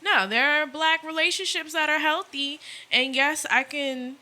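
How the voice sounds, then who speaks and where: A woman's voice: sits high, a little slow, pushed and bright. A woman co-hosting a podcast, talking candidly and loosely in casual chat, swearing freely. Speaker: podcast co-host.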